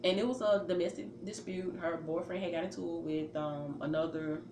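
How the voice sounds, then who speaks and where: Her voice is on the lower side, steady in tone and at a normal speed, as she tells a personal story in an easy, casual way. She acts out her own reactions and leans on fillers such as "you know" and "um," in an echoey room with a faint hum of ambient noise.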